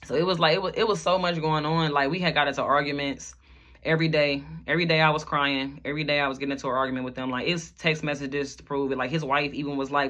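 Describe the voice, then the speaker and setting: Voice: medium pitch, steady tone, pushed and bright. A rapper telling a personal story to the camera, emotional and rambling, filling nearly every phrase with "like" and repeating lines. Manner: repeats phrases, at times rushed.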